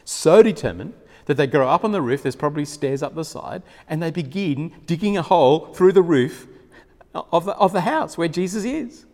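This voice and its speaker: Lively male preacher telling a story. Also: fairly high pitch, normal speed. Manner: storytelling, animated, chuckling often. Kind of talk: sermon. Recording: long hall reverb.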